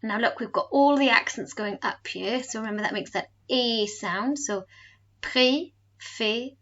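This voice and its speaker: A woman teacher giving a recorded home lesson, slowly modelling words for pupils to repeat. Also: fairly high pitch, a bit bright, dull audio. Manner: slow, careful modelling of pronunciation. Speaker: French teacher.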